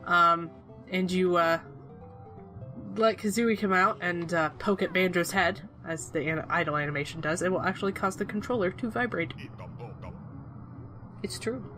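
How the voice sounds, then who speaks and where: A young adult woman giving casual, teasing commentary on a video game, chatting with fillers and pauses. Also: fairly low pitch, sharp tone, soft background music. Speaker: co-host of a game let's-play.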